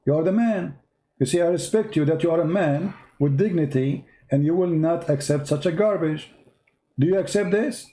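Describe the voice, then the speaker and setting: A man leads a heated call-in debate, pressing his caller again and again. His voice sits a little high but sounds dark and mellow. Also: normal speed. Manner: insistent, challenging, repeats phrases.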